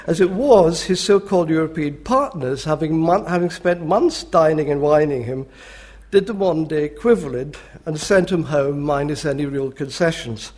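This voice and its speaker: An older man, a history professor, giving a public lecture in a dry, measured, ironic manner. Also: a little high, a little mellow.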